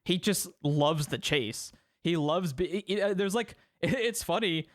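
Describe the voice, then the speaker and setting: Man, casual film podcast host, slightly high pitch, rambling, laughs a lot, swears, dry mic. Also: unhurried, no echo. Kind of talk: casual film review chat.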